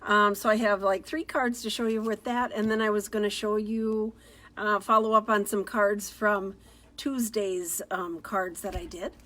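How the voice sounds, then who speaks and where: A woman's voice: medium pitch, steady tone, measured pace, a bit bright. Chatty middle-aged woman on a phone livestream. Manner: chatty, upbeat, greets viewers by name. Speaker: card-making demonstrator. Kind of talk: casual live-stream craft demo.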